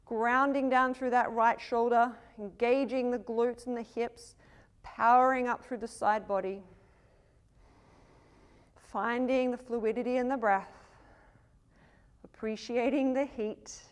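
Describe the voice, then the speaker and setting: A woman leads a yoga flow, calling poses and breaths in a measured, slow cadence. Her voice sits slightly high, and she is breathing heavily as she moves through the poses with the class. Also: clear, resonant tone. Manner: calm cueing of poses and breath. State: breathing heavily while moving. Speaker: yoga teacher.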